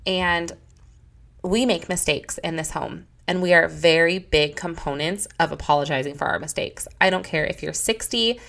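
An earnest woman in her thirties hosts a solo faith and parenting podcast. Her voice sits a little low for a woman. She speaks heartfelt and sincere, often slipping into the lines of her children and herself. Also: normal speed, creaky, fairly bright tone. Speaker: podcast host.

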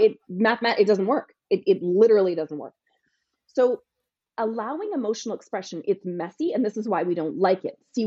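A woman coach talks on a podcast in a punchy, emphatic way, now and then acting out both parent and teen. Her voice is mellow and husky, and the recording sounds dry and a little dull. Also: medium pitch, no echo. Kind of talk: podcast interview answer.

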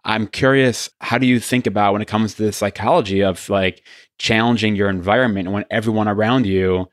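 Male host, lowish voice, dry close sound, rambling filler-laden questions. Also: dry recording. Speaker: interview host. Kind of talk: conversational interviewing.

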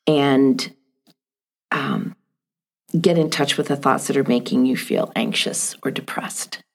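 A middle-aged woman with a low voice, gravelly and a little husky. She talks in a gentle, thoughtful way and keeps asking the listener reflective questions. The setting is a calm podcast conversation. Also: slow. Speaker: guest.

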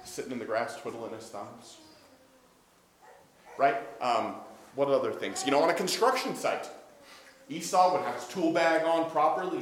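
A man preaches in a loose, conversational way, telling stories, acting out dialogue and asking his listeners questions. His voice sits a bit high. The sound is very echoey, with faint noise behind him. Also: fairly bright tone. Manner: storytelling, acts out dialogue, asks the audience questions. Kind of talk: conversational sermon.

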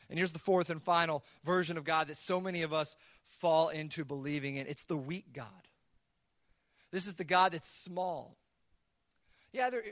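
Pastor guy preaching, earnest, kinda high voice, stacks up repeated words, dry sound. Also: a bit bright, dry recording. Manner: earnest, repeats words when building a point; acts out God's voice in quoted asides. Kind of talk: sermon.

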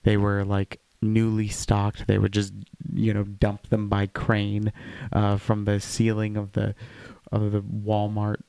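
A man's voice: fairly low pitch, completely flat delivery, slow pace, gravelly, warm tone, smooth, dry recording. A man co-hosting a podcast, chatting casually with rambling, jokey wordplay. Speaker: podcast co-host. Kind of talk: casual chat.

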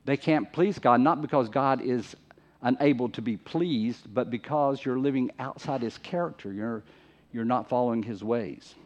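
A man's voice: mid-range voice, normal speed. A man preaching a sermon in an emphatic, conversational way, often repeating phrases for stress. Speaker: pastor. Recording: muffled lo-fi recording.

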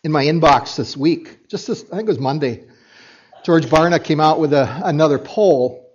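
A man's voice: a little high, normal speed, slightly rough. A man preaching a sermon as pastor, reading scripture and making emphatic points with repeats and asides to the congregation. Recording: dull lo-fi recording.

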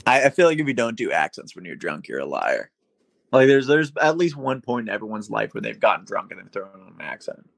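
Gravelly, laughing young man telling stories. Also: on the low side, sing-song, fairly quick, no room sound. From Massachusetts. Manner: laughing, swearing storyteller. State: day drinking. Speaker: podcast co-host. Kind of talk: casual chat.

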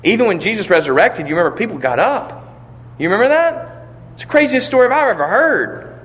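Impassioned preacher in a reverberant hall. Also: male voice, high-pitched, big pitch swings, a little fast, a bit bright. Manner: impassioned preaching, swelling to emphatic peaks, rhetorical questions. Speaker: pastor. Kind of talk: sermon. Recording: long reverb of a large hall.

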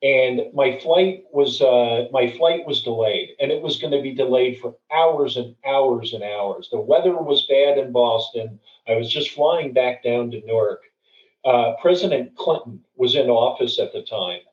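A man's voice: mid-range voice, a little slow, darkish tone. A middle-aged man speaking as a guest, telling a story and giving advice in an earnest way, often restarting and repeating words. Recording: dull, distant, roomy recording.

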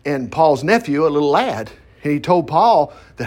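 This man's voice runs high and a little mellow, swinging widely in pitch at a moderate pace. As a pastor giving a relaxed Bible study, he reads scripture and then muses on it in a homey, conversational style with asides.

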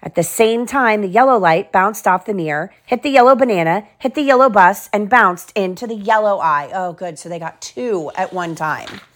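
A mother reading a children's picture book aloud at home, slow and clear, with little side remarks to her kids. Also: mid-range voice.

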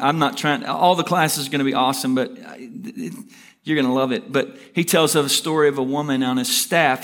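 A man preaching a sermon as a pastor, telling stories in an energetic, hurried way and pushing his voice up for emphasis. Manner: energetic, rushing storyteller with rising emphatic pitch.

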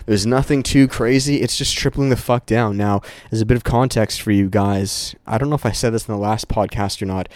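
A man's voice: on the low side, dry recording. A young man hosting a solo podcast, giving a hyped, swearing motivational pep talk and sounding a little heated. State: a little heated, catching his breath. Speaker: podcast host.

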